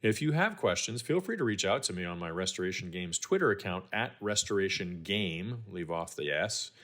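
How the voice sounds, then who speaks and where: A man giving a scripted, measured explainer on trademark law as a guest expert, with the odd dry aside. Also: deep voice, expressive, fairly bright tone.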